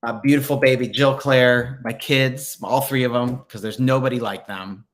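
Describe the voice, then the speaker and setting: A man's voice: medium pitch, fairly even intonation, moderate pace. A man hosting a spiritual direction livestream in casual chat, reading viewer comments aloud with many fillers and upbeat encouragement.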